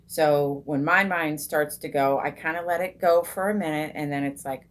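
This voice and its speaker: Low-voiced woman coaching meditation gently. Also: fairly even intonation, slight background noise. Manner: unhurried, many ums and restarts, soft and slow when guiding the breath. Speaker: meditation coach and group host. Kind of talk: casual teaching talk on meditation.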